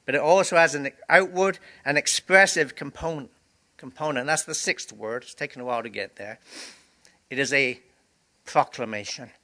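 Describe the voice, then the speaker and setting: A man's voice: medium pitch, moderate pace, sharp tone. A male pastor giving a communion sermon, preaching earnestly with emphatic repetition, and sniffling and teary.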